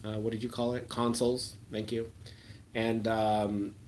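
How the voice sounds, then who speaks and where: A man's voice: on the low side, flat delivery, unhurried, a little mellow, slight background noise. A man chatting casually on a live stream and answering viewer comments, rambling with ums and letting his sentences trail off into a mumble. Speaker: slot-machine YouTuber hosting a live chat.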